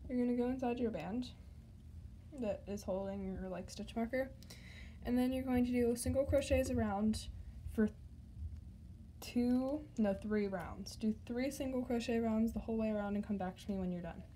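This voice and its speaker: A woman with a fairly high, mellow voice explains a craft project step by step, talking straight to the viewer. She sounds a little hoarse and trips over her words at times, under a faint hiss of background noise. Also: moderate pace. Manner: chatty, talks to the viewer directly, stumbles over words. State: slightly hoarse, losing her voice. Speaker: craft tutorial host. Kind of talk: step-by-step tutorial instructions.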